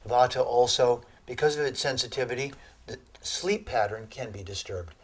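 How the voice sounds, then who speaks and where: Man, husky voice, lecturing, lively storytelling, laughs at own jokes. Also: medium pitch, normal speed. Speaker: Ayurveda teacher. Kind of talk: lecture to an audience.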